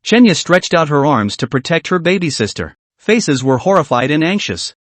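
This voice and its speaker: A man narrating a comic recap in a brisk storytelling manner, recorded dry and close. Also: fairly high pitch, big pitch swings, no echo.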